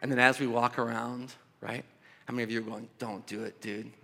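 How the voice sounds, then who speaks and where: A man's voice: medium pitch, flat delivery, a little fast, vocal fry, bright, forceful tone. Male pastor preaching in an echoing hall. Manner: conversational preaching with frequent restarts and asides. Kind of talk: sermon. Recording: long echo of a large hall.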